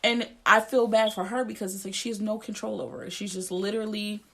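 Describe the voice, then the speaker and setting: A woman's voice: medium pitch, fairly even intonation, fast talker. A woman in her twenties co-hosting a podcast, talking in a blunt, emphatic, profane casual chat. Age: 20s. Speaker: podcast co-host.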